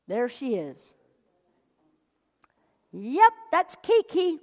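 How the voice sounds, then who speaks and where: A woman's voice: high voice, very animated, a little slow. A woman minister giving a sermon, telling a story with jokes and acting out the people she quotes. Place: church sanctuary. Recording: hall reverb.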